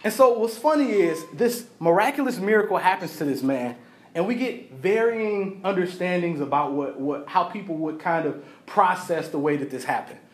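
A man's voice: high-pitched, animated, normal speed. A male pastor preaching a sermon in a casual, storytelling way, acting out the people in the story and often laughing. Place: church.

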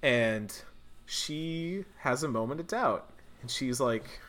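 A man's voice: medium pitch, animated, slow, a bit bright. A man in casual chat recapping a video game, rambling with plenty of fillers and restarts.

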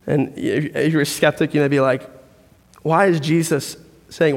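A man preaching a sermon as pastor, conversational and animated as he tells stories. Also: a little high, normal speed, creaky. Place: church hall. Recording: long hall reverb.

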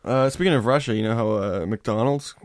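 A man's voice: mid-range voice, a little fast, no room sound. A man co-hosting a comedy podcast, reading odd news stories with wry, mock-stern asides. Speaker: podcast co-host. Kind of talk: casual comedy chat.

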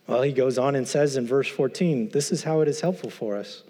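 A man's voice: mid-range voice, brisk, warm tone, slight background noise. A man teaching through a Bible passage, earnest and emphatic, posing rhetorical questions to his listeners. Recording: long hall reverb.

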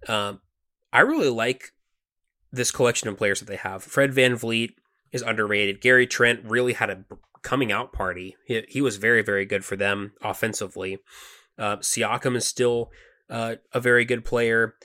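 Bright-voiced man chatting about basketball. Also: medium pitch, moderate pace. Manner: relaxed, conversational, frequent fillers and restarts. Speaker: podcast co-host. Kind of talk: casual sports podcast chat.

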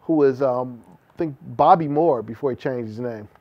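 A man on a casual podcast who talks with a dry, teasing humor and reels off sports names. His voice is mid-pitched, and the recording sounds a bit dull and lo-fi. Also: normal speed, no room sound. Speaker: podcast co-host. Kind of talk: casual chat.

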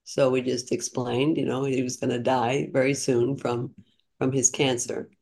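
A woman's voice: very deep voice, little pitch movement, normal speed, creaky, a little mellow. Older woman telling her story. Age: 60s. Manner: chatty, earnest, frequent restarts. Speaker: podcast guest. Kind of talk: casual storytelling interview.

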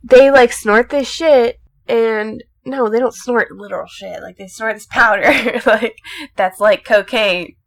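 A woman's voice: fairly high pitch, measured pace, vocal fry. A young woman in casual chat, rambling animatedly through a movie plot, full of swearing and filler words.

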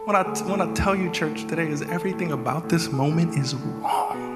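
Animated preacher in a reverberant church. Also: male voice, on the high side, fairly quick. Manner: animated preaching, acts out prayers in a raised voice. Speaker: executive pastor. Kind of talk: sermon. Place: church sanctuary. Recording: reverberant church hall with music.

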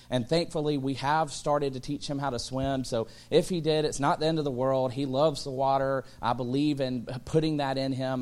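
A man in his thirties, a pastor, preaching a sermon full of humorous personal stories, acting out voices and rising to excited shouts. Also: mid-range voice. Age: 30s.

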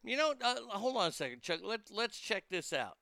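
A man's voice: sits high, big pitch swings, moderate pace, bright, forceful tone, dry recording. A man hosting his own show, rambling casually and chattily with a profane edge. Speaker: host.

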